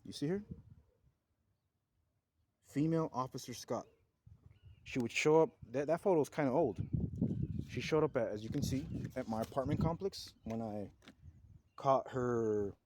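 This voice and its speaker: An agitated man vents a long complaint straight to camera in a middle-pitched voice. He circles back on the same points, swearing and sounding indignant throughout. Steady background noise and passing vehicle sounds sit under his voice. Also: moderate pace, pauses often. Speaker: vlogger filing a complaint. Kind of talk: angry rambling complaint to camera.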